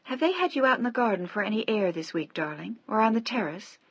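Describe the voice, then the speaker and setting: A woman voicing a gentle, anxious young wife who speaks earnestly and pleadingly. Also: mid-range voice, sing-song, fast talker, breathy edge, dry recording, highs cut off, pitched above the performer's own voice. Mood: gentle teasing.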